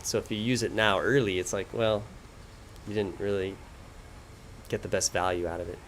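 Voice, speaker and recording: A man chatting casually while playing a video game, relaxed and laughing easily. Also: on the low side, moderate pace, a little hiss or hum. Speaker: game streamer. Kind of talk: casual let's play commentary.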